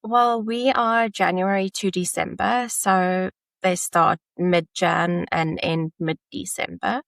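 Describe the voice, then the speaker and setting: Brief: woman author, interview guest, gravelly relaxed voice, dry sound. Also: on the low side, slow pace, no echo. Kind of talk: casual interview chat.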